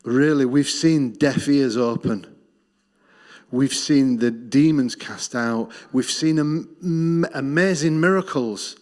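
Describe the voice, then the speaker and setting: A middle-aged man with an Australian accent shares his testimony from a church platform. His voice sits at an ordinary pitch, and he tells his story earnestly, letting it sink low and quiet on the lines that matter most. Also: slow pace. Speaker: missions speaker.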